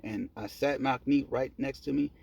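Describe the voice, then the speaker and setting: A man telling a personal story in a casual monologue, profane and animated, laughing at himself. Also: mid-range voice, moderate pace, creaky, breathy edge, muffled recording. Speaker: storyteller vlogger.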